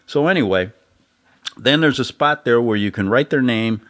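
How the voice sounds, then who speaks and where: Animated rambling male commentary host. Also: mid-range voice, normal speed. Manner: animated, rambling, chuckles at his own jokes. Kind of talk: casual commentary monologue.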